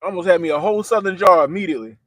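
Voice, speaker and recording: A man's voice: sits high, racing, fairly bright tone, no room sound. Man, livestream host, casual slangy talk, dry close sound. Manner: loose, slangy, talks straight to viewers.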